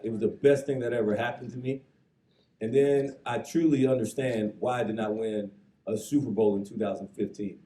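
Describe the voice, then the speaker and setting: A man's voice: medium pitch, far from the mic. Earnest man giving a speech in an echoey hall. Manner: earnest, reflective, quotes others with lively voices. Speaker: honoree giving an induction speech. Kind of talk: emotional acceptance speech. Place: large banquet hall. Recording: echoey hall, speaker away from the mic.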